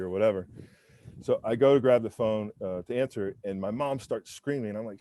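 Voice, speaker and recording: Laid-back mellow-voiced man telling stories. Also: on the low side, brisk. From United States. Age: 40s. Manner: laid-back and candid, heavy on fillers like "man" and "you know"; acts out other people's lines while telling stories. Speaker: interview guest, former pro football lineman. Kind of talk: casual storytelling interview. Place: windy rooftop, outdoors.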